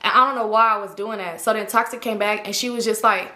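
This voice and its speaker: A fast-talking woman with a bright, lifted voice spins a slangy, animated story for her viewers. The sound carries a roomy echo around her. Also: medium pitch. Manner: animated, slangy, acts out quotes. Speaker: storytime vlogger. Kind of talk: casual storytelling.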